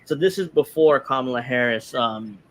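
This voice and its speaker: A man's voice: mid-range voice, expressive, moderate pace, slight background noise. Sarcastic man hosting a political talk show. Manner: sarcastic, reads tweets aloud in mocking voices. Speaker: podcast host. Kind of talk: casual political commentary.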